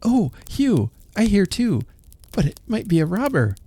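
A man's voice: high-pitched, huge pitch swings, measured pace, husky, dry recording, voice pushed up, full character voice. A man doing a timid frightened little girl. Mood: worried. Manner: soft, frightened.

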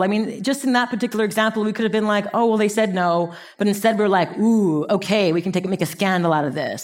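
A woman in her thirties giving a motivational business talk, telling stories with energy, acting out what people said and laughing often. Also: on the low side. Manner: animated storytelling, acting out quotes, laughing. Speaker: speaker.

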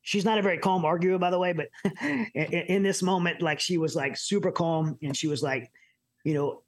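A middle-aged man from the United States telling his personal story as an interview guest, earnest and halting with many restarts. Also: high-pitched. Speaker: podcast guest.

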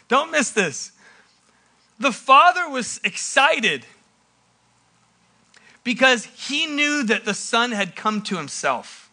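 A male pastor delivering an animated sermon in a very high, bright voice. He slows down for dramatic pauses, then breaks into sudden loud bursts. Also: vocal fry.

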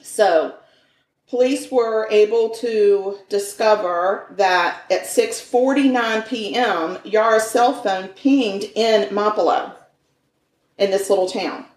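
A woman's voice: mid-range voice, takes it slowly, reverberant, distant mic, poor audio. A woman hosting a podcast, telling a true crime case in a conversational way, with fillers and self-corrections. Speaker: podcast host. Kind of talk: true crime storytelling chat.

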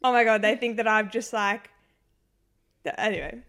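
A woman's voice: medium pitch, normal speed, a bit bright. A young woman co-hosting a podcast in casual, rambling chat with many fillers. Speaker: podcast co-host.

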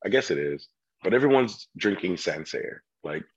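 A man with a somewhat low, husky voice chats easily as a sommelier guest. He tells lively stories and pops into customers' voices along the way. The sound is a little dull and lo-fi. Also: normal speed. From California. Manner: animated storyteller, acts out customers' voices. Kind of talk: casual chat.

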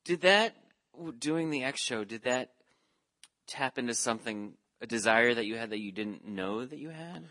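Bright-voiced interview host. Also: male voice, mid-range voice, animated, moderate pace, dry recording. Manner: curious, asks short follow-up questions. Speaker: podcast host. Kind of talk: interview questions.

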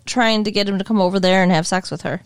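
A woman co-hosting a podcast, chatting casually, blunt and expressive, laughing often. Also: medium pitch, fast talker, clear, resonant tone, dry recording. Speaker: podcast co-host. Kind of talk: casual chat.

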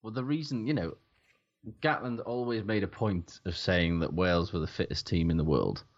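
A man's voice: sits low, normal speed, highs cut off. A man giving blunt, emphatic rugby analysis in casual, sweary podcast chat. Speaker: rugby pundit.

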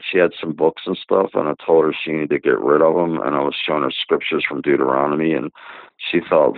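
Very deep-voiced man on a phone line. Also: steady tone, fairly quick, gravelly, dry recording. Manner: rambling, many fillers and restarts. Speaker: guest giving a testimony. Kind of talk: casual spoken testimony. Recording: tinny phone-line sound, dry.

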